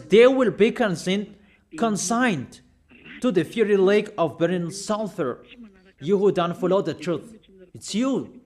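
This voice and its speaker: A man preaching a sermon, speaking insistently and repeating his warnings to the listeners. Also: high voice.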